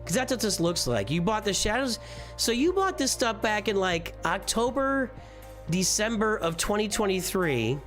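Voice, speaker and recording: A man's voice: high-pitched, very animated, moderate pace, fairly bright tone, soft background music. A man casually reviewing a viewer's game roster on a live stream, rambling and easily distracted. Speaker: gaming streamer.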